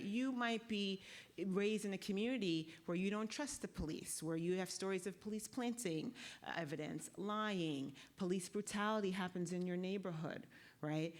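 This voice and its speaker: A woman's voice: lowish voice, moderate pace. A woman law professor speaking on a conference panel, lecturing in a conversational way and often checking in with tag questions. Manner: walks the audience through a guided exercise.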